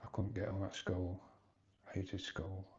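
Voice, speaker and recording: Low, gravelly man in his fifties, halting confessional vlogger, dull lo-fi sound. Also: little pitch movement, a little mellow, a little hiss or hum. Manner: hesitant, halting, rambling with restarts. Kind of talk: personal confessional vlog.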